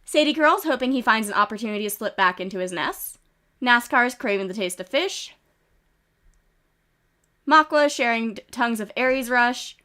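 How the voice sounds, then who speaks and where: Woman game streamer, congested with a cough, slightly high voice, casual giggly commentary into a desk mic. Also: expressive, moderate pace, pauses often, sharp tone, smooth. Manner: reads game events aloud with chatty asides and giggles. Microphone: desk microphone.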